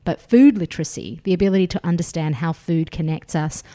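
A woman's voice: lowish voice, brisk, mellow. An Australian woman in her thirties, a food author chatting enthusiastically as a podcast guest, with plenty of fillers. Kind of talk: casual podcast interview.

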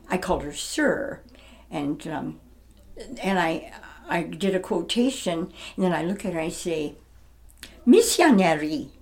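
An older woman in her seventies talks through memories of her stage career in a relaxed interview. Her voice sits on the low side. She is chatty and laughs easily between stories. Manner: chatty and warm, laughs often. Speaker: interviewee, retired stage actress. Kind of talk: casual reminiscing interview.

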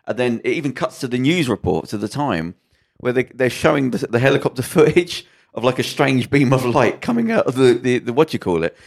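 A man's voice: mid-range voice, sing-song, fairly quick, creaky. A man on a podcast, casually retelling a drama's plot and acting out the characters' lines, swearing freely. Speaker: podcast co-host.

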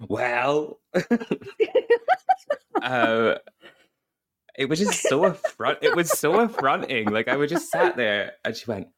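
A man from Britain co-hosting a podcast, telling a story in casual chat, full of "like" and quick asides, imitating the people he met. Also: medium pitch, sing-song, heavy background noise. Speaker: podcast co-host.

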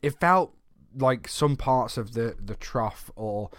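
Man, monotone delivery, medium pitch, dry close sound, casual podcast chat. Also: slow pace, dry recording. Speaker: podcast guest.

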